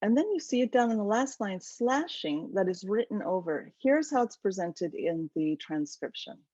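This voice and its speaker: A woman author gives an animated, enthusiastic webinar lecture about her book over a video call. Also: medium pitch, moderate pace, dry recording. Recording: dull lo-fi webinar audio.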